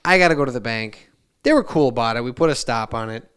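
A man in his forties spins a rambling family anecdote on a podcast. His voice is smooth and resonant and sits at an ordinary pitch. He doubles back, restarts, and acts out the other people in the story. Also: fast talker. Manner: animated, meandering anecdotes with many restarts and asides; loudly acts out family members' lines in shifting voices. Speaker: podcast co-host. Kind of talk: casual chat, rambling storytelling.

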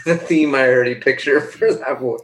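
A man's voice: medium pitch, a little fast, a crowd in the background. Guy guesting on a podcast, kinda hesitant, mid voice. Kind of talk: casual chat.

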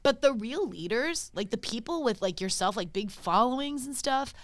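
A woman hosting a podcast in casual chat, talking fast and loose with lots of filler words. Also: a little high, expressive, no room sound. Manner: chatty, heavy use of "like", swears casually. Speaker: podcast host.

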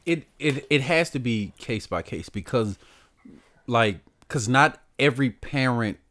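A man's voice: mid-range voice, expressive, unhurried, a crowd in the background. Young guy on a podcast, teasing, keeps restarting his sentences. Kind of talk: casual chat.

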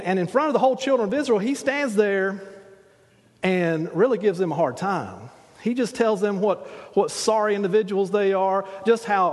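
A man's voice: high-pitched, long reverb tail. A man preaching a sermon, retelling scripture as conversational storytelling with frequent restarts.

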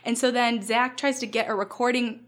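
Chatty woman podcast host, slightly high. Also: fairly even intonation, fairly quick, fairly bright tone. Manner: chatty, laughing, quoting scenes. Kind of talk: casual chat recapping a TV episode.

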